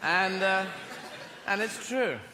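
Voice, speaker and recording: A man's voice: high voice, slow, heavy background noise. A man with a British accent doing rambling, playful stand-up comedy on a theater stage, swearing freely. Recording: live theater recording, echoing hall. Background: audience laughter.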